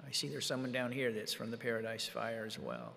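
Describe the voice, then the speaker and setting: A middle-aged man preaching a sermon story, talking with strong emotion that swings from quiet to loud. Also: mid-range voice, sing-song, a little fast, creaky. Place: large meeting hall. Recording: long hall reverb.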